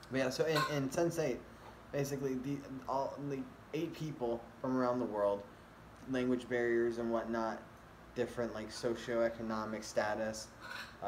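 A man's voice: mid-range voice, a little hiss or hum. A man vlogging casually, rambling with many fillers and restarts. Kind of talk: casual rambling vlog talk. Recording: echoey room with faint ambience.

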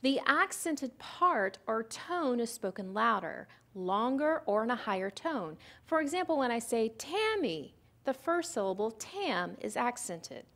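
Lively, patient woman teaching phonics. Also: fairly high pitch, moderate pace, few pauses. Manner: patient, explains step by step with questions to the listener. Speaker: literacy presenter. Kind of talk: recorded teaching lecture.

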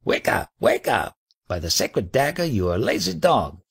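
A man's voice: mid-range voice, big pitch swings, moderate pace, creaky, husky, dry recording, studio quality, exaggerated voice. A man reading as a bullying hulking novice. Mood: angry. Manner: shouting insults, bullying. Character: hulking rude young male monk novice.

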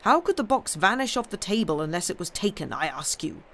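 A woman voicing a suspicious, angry male sea captain who speaks loudly and sharply in a storybook reading. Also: on the low side, very animated, fairly quick. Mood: angry, accusing. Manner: sharp, accusing, loud.

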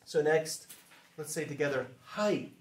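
Guy teaching a class, laid back, says stuff slow so kids can repeat, roomy echo. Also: medium pitch, expressive. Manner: casual, repeats phrases slowly for class to echo. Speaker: language teacher.

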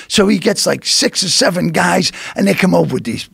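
Older male podcast guest with a raspy, gravelly, high voice and a dry studio sound, telling stories in fits and starts. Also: fairly quick, no echo. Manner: animated, stammering restarts, acts out quotes. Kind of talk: comic storytelling.

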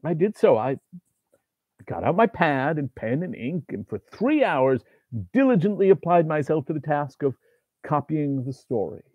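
A man narrating a ghost story in the first person with a dramatic, expressive manner, heard over a tinny phone-like recording. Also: a little high, moderate pace, no room sound. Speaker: audiobook reader. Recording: tinny phone-like dry sound.

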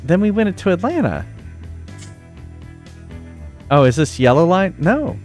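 A man streaming a game, joking and thinking out loud as he plays. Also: sits high, very animated, unhurried, faint music behind. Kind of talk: casual gameplay commentary.

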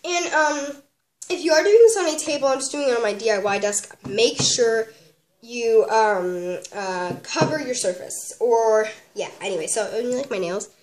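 A woman's voice: on the high side, moderate pace. A young woman with a sniffly voice chats through a craft tutorial at her home desk, rambling with lots of fillers. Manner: bubbly, rambling with many "like" and "um". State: sniffly from a cold. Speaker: craft vlogger reviewing a kit. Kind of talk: casual chatty tutorial. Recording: echoey room, faint background noise.

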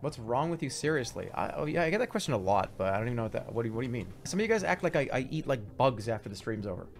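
Animated man rambling on a stream. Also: mid-range voice, rapid-fire, vocal fry, a little hiss or hum. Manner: animated, storytelling, swearing, playing voices.

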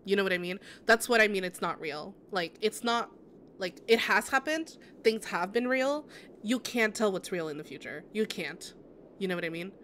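A woman's voice: mid-range voice, lively intonation, normal speed, a bit bright, slight background noise. A woman game streamer in casual live-stream chat, answering her viewers with sympathy and rambling through many restarts.

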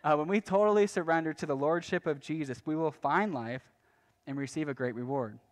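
A pastor preaching a sermon in a casual, conversational way, often restarting phrases and adding light asides. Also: male voice, a little high, brisk. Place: church.

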